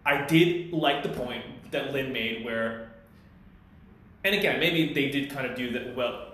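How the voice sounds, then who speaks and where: A man's voice: medium pitch, measured pace, fairly bright tone, a little hiss or hum. A man co-hosting a casual podcast, recapping a TV episode in a rambling way and acting out the characters' lines. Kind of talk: casual chat. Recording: very echoey room.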